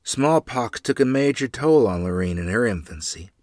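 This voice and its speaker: A man narrating a first-person memoir in an earnest, measured storytelling manner. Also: mid-range voice, expressive, darkish tone, no room sound, studio quality.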